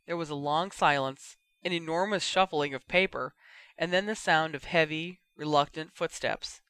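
Bright-voiced man reading a story. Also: a little high, moderate pace, clean tone, no echo. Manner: expressive, steady storytelling. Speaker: reader. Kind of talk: fan fiction audiobook narration.

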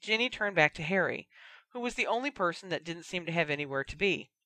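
An audiobook reader narrating a fan fiction story in a steady, even storytelling manner. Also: medium pitch, fast talker, no room sound.

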